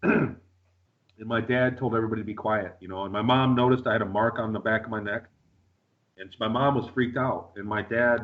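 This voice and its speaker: A man's voice: lowish voice, steady tone, normal speed, narrow, tinny audio. A man telling his story as a radio interview guest, rambling with lots of fillers and restarts.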